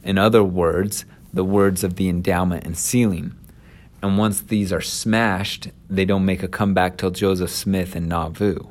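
A man giving casual scripture commentary as a teacher, talking in a slangy, animated, conversational way. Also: low voice, normal speed.

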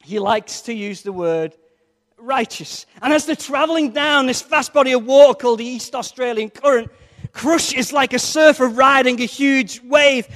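A man's voice: very high-pitched, normal speed, a bit bright. A man preaching a sermon in a conversational, jokey way, with playful asides to the congregation. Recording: long reverb of a large hall.

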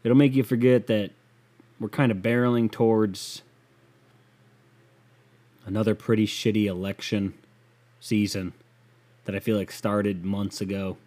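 A man's voice: on the low side, steady tone, measured pace, long pauses, mellow. A man hosting a casual solo podcast, rambling, profane and mocking as he rants. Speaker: podcast host.

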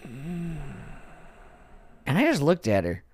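A man's voice: fairly high pitch, slow pace, slightly rough. A man in his thirties co-hosting a podcast, telling stories in casual chat, swearing freely and laughing often. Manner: profane, laughs often, animated storytelling. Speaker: podcast co-host.

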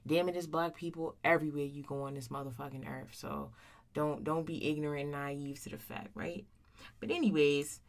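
A woman in her thirties hosting her own podcast in a casual solo monologue, blunt and profane, full of slang, often tagging lines with "right?". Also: fairly low pitch. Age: 30s. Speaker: podcast host.

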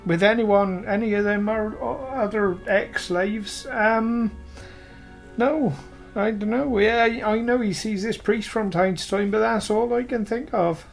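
A woman's voice: medium pitch, unhurried, vocal fry, faint music behind. A woman voicing a grieving tavern woman who rambles and hesitates in an affectionate way. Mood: flustered. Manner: affectionate, calls people "my lovers".

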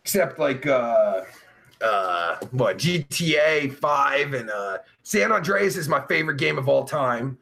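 A man's voice: mid-range voice, animated, measured pace, vocal fry, pushed and bright. A young man hosting a live stream, reading out chat and answering in a rambling, profane, sarcastic way with groans and sighs.

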